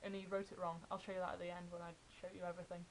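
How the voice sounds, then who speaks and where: A young adult woman, excitedly telling fan stories in a casual vlog. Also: lowish voice, racing, a little hiss or hum, low-quality recording. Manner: chatty, excited retelling of fan anecdotes. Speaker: vlogger.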